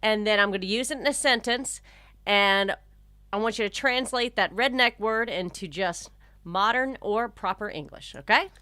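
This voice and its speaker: A woman's voice: medium pitch, normal speed, pushed and bright, no echo. An American woman co-hosting a casual chat podcast, playful, running a word game and reading the sponsor and outro. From United States. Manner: playful, puts on a Southern drawl for the game. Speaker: podcast co-host.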